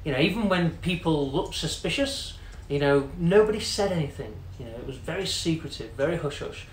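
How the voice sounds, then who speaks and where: This CEO tells a long story in a chatty, casual manner, peppering it with "you know" and quoted voices. His voice is fairly high, expressive and fairly quick. The room echoes and carries faint noise.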